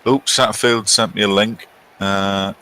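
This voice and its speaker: A man's voice: lowish voice, fairly even intonation, a little slow, pushed and bright, smooth, rough recording. A middle-aged British man commentating on a live game stream and reading out viewer chat in a chatty, wry, self-mocking way. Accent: British English.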